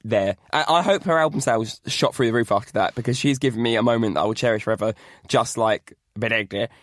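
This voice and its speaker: A man co-hosting a casual podcast chat, animated and quick to laugh. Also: no room sound, studio quality. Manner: animated, laughs often, lively pitch. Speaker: co-host.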